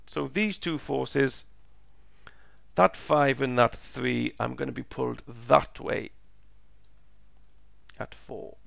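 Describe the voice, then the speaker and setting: Slow, gravelly-voiced man teaching. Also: mid-range voice, a bit bright, no echo, clean studio sound. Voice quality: gravelly, croaky. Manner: slow, patient, repeats steps. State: voice going hoarse. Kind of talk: step-by-step physics lesson.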